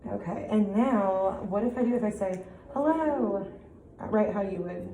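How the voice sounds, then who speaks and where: A woman's voice: mid-range voice, steady tone, moderate pace, warm tone. A young woman teaching a reading lesson, upbeat and encouraging with her students. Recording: echoey room with clear background noise.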